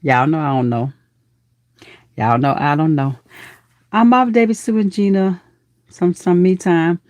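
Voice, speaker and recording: On a live stream, a woman with a fairly low voice chats warmly and unhurriedly with viewers, calling them honey, baby, and girl. She's lively, and her pitch leaps up in excited greetings. The sound is dry and close, with no echo or room.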